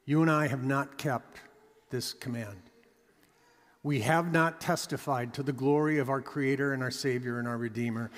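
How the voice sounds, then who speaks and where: A man's voice: medium pitch, fairly even intonation, normal speed, in a large hall. A pastor delivering a sermon with emphatic preaching, his voice rising and dropping for effect.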